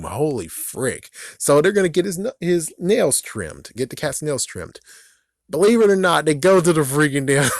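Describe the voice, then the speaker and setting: A man's voice: a little high, no echo, clean studio sound. A man reviewing a cartoon in a casual, rambling way, ranting with heavy swearing and frequent chuckles.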